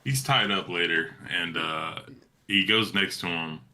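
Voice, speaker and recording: A laid-back man on a podcast, chiming in with short remarks about a film. His voice sits very low and comes across as sharp and bright. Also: measured pace. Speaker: podcast co-host. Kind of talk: casual movie chat.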